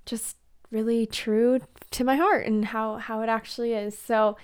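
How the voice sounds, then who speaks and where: A woman's voice: on the high side, steady tone, measured pace, darkish tone, smooth. Chatty young woman podcast host. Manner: chatty, with fillers and giggles. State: a bit out of breath. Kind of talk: casual solo podcast talk.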